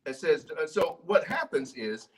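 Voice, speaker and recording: A man's voice: fairly high pitch, sing-song, normal speed, distant mic, poor audio. A man preaching a sermon in a church, talking conversationally, repeating and restarting his words, and asking the congregation questions. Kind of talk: sermon with scripture reading.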